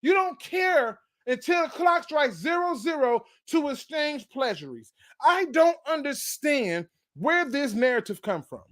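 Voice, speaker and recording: A man's voice: extremely high pitch, sing-song, a little slow, a bit bright. Fired-up man ranting about football. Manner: fired-up, preachy, repeats points. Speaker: sports channel host. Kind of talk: fan sports rant.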